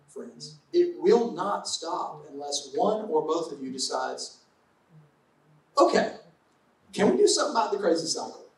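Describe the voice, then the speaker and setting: A man preaching a conversational sermon to a congregation, with playful asides. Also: on the high side. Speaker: pastor. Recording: echoey hall from far off.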